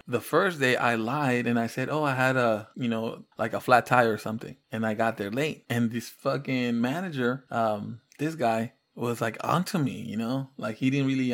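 A young man co-hosting a casual podcast, swearing freely as he acts out both sides of a story. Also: mid-range voice. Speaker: podcast co-host.

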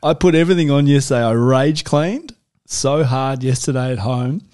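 A man's voice: medium pitch, moderate pace, a little mellow. A man co-hosting a podcast, joking and poking fun at himself in a casual chat. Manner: joking, self-mocking. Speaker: podcast co-host.

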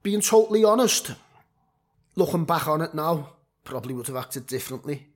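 A husky, slightly breathy man with a Liverpool accent recounts his football days in casual talk. He is blunt and swears freely, stumbling through fillers and restarts as he goes. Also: fairly high pitch, lively intonation, moderate pace. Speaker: former semi-pro footballer guest. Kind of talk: casual podcast chat.

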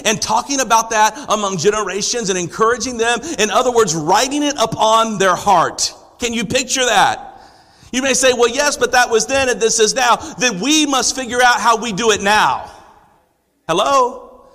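A man delivers a sermon in a high, bright voice. He presses the congregation with rhetorical questions and rises to emphatic declarations. The sanctuary gives a long, ringing reverb. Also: moderate pace. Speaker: pastor. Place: church sanctuary.

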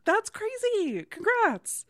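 A woman's voice: extremely high pitch, sing-song, slow, a bit bright. A woman co-hosting a podcast in casual chat, giggly and playful. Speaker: podcast co-host.

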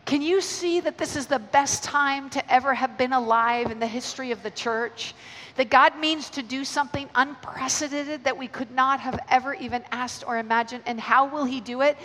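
A middle-aged woman preaching at a conference, telling stories in an animated way with quick restarts. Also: fairly high pitch. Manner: animated storytelling with stammered restarts. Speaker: conference speaker. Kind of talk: energetic sermon. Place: large hall. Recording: live hall with long reverb.

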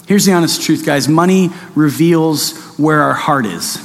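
A man preaching a casual sermon, telling stories with mock-excited asides. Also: on the high side, measured pace, creaky, few pauses, in a large hall. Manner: conversational, animated storytelling with mock-excited asides. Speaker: pastor.

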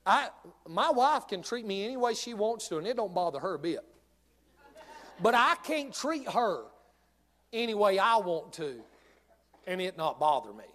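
Man, pastor, high pitch, humorous animated sermon. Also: moderate pace, long pauses.

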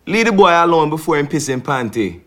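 An actor playing a drug dealer's laid-back male sidekick with a Jamaican accent, drawling slowly, in a film clip. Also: a little high, big pitch swings, fairly bright tone, slight background noise. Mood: mocking.

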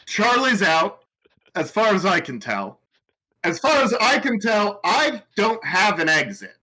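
A man playing a tabletop horror game, excitedly laying out his character's plan and laughing as he talks. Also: high-pitched, a little slow, slightly rough, poor audio. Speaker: player. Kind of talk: tabletop game play, casual banter.

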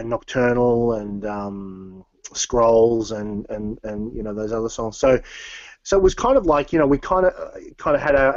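A man's voice: mid-range voice, a little mellow, dry recording, lo-fi sound. A man, a metal musician as interview guest, talking casually and rambling with many fillers and restarts.

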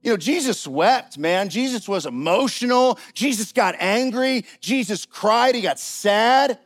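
Guy preaching, super animated and chatty, pretty high voice, soft music playing under him. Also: a little slow. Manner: animated, conversational preaching with casual asides. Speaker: pastor. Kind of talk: sermon.

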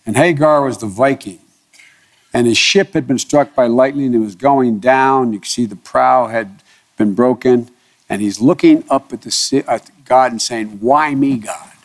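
A man being interviewed as a politician, telling personal family stories in an earnest, emphatic way, often pausing and restarting his sentences. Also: medium pitch. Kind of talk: reflective personal storytelling.

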